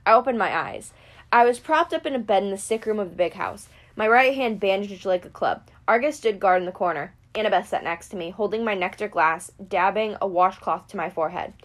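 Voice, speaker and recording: A woman's voice: medium pitch, animated, brisk. Woman narrating an audiobook. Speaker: audiobook reader. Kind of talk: first-person audiobook narration.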